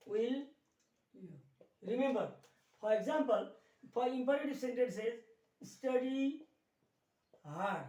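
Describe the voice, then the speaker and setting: Male grammar teacher, Nepali accent, slow drilling delivery; echoey room, distant mic. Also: very high-pitched, lively intonation, a little mellow. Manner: slow, repetitive, drills key words, mixes Nepali explanations into English. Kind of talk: classroom grammar lesson.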